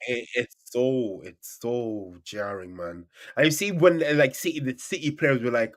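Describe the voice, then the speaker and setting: A man chatting casually about football as a podcast co-host, animated and full of stammered restarts. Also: medium pitch, unhurried, few pauses. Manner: animated, stammering restarts, swings loud and soft.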